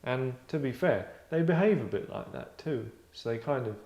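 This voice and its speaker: A man's voice: mid-range voice, expressive, moderate pace, darkish tone, dull audio. A man hosting a casual discussion, chatty and wry, slipping into voices as he talks. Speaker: host. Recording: roomy echo.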